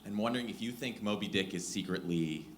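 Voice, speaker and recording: A man's voice: fairly low pitch, fast talker. A man in a live audience asking a question, hesitant and casual.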